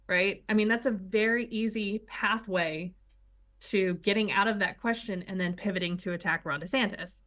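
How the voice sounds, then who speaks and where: A woman's voice: mid-range voice, normal speed, a bit bright. A woman co-hosting a political talk show, giving opinions in a sardonic, point-by-point way.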